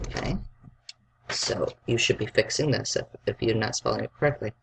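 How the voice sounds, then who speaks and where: A man's voice: lowish voice, normal speed, creaky, slight background noise. A male teacher giving a spelling lesson to young children, dictating words and patiently sounding out each letter.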